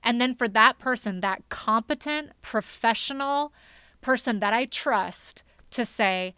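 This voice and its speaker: A woman's voice: on the high side, measured pace, bright, forceful tone, clean tone, dry recording. A woman co-hosting a casual chat, thinking aloud in a candid, reflective way. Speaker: co-host.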